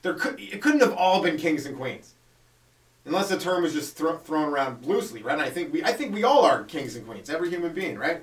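A man's voice: on the high side, very animated, brisk, roomy sound, far from the mic. A man doing a loose, profane comedy podcast monologue, full of rhetorical questions. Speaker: stand-up comedian podcast host.

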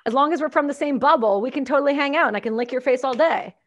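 Animated, laughing woman from Canada. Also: sits high, racing, highs cut off. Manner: animated storyteller, swears, laughs a lot. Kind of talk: casual chat.

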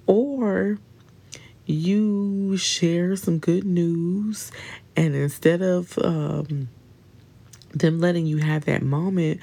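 A woman's voice: low-pitched, fairly even intonation, slow, gravelly, warm tone. A woman hosting a casual solo podcast, chatting informally and talking straight to her listeners. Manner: chatty and informal, with many fillers and asides to listeners. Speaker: podcast host.

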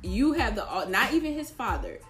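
A woman's voice: fairly high pitch, sing-song, a little fast, over music. A woman co-hosting a casual chat, frank and advice-giving. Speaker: podcast co-host.

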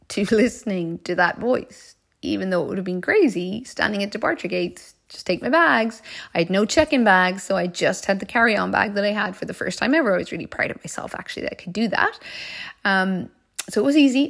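Woman life coach podcasting, creaky voice, earnest, repeats herself for emphasis. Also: medium pitch, expressive, a little fast, fairly bright tone. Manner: earnest and heartfelt, often repeating phrases for emphasis. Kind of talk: reflective personal storytelling.

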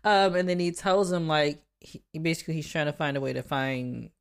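A woman's voice: low-pitched, brisk, creaky, clean tone. A woman co-hosting a casual podcast, animatedly retelling film scenes and laughing often. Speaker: podcast co-host. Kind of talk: casual film-discussion chat.

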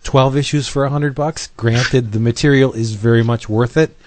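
A man's voice: medium pitch, fairly even intonation, moderate pace, darkish tone, a little hiss or hum. A man giving blunt opinions on comics in casual podcast chat. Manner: opinionated, direct.

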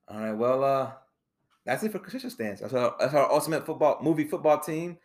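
A man's voice: medium pitch, lively intonation, a little fast. A man in his forties hosting a podcast, chatting casually in a jokey, rambling way. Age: 40s. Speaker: podcast host. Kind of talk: casual chat.

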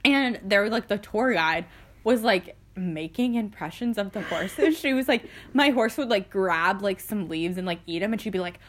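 A woman's voice: mid-range voice, animated, normal speed. A young woman chatting casually on a vlog, swearing, giggly and full of "like". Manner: swearing, giggly, fills speech with "like". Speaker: vlogger. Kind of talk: casual chat.

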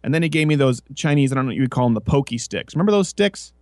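A man's voice: mid-range voice, expressive, rapid-fire, a little mellow, no room sound, studio quality. A man hosting a casual talk show, rambling and joking as he tells stories. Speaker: podcast host. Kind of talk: casual chat.

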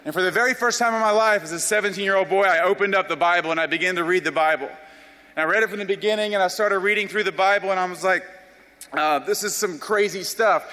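Young guy, high bright voice, lively storytelling testimony, echoey big hall. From South Carolina, US. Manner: animated, self-deprecating storyteller. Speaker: speaker giving a personal testimony. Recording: long reverb of a large hall.

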